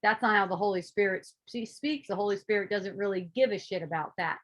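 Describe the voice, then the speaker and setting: A woman giving a casual spiritual talk, animated and laughing often, acting out her own inner voices and swearing freely. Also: medium pitch, fast. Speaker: spiritual teacher.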